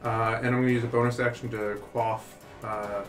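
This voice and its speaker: A man's voice: mid-range voice, little pitch movement, a little fast, fairly bright tone. Easygoing male tabletop player, roomy sound, light music. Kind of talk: casual tabletop game play.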